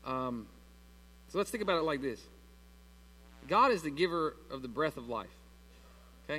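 A high, bright-toned man in his thirties delivers a sermon to his congregation, talking to them in a loose, chatty way. His voice carries a long reverb from the church hall, with a low mains hum under it. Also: lively intonation, normal speed, pauses often. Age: 30s. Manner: conversational preaching with loose grammar, addresses congregation as y'all. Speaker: pastor.

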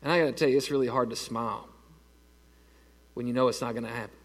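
A man in his thirties preaching a conversational sermon and telling stories with growing excitement. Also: medium pitch, quick pace, long reverb tail. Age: 30s. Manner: conversational preaching, animated storytelling. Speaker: pastor.

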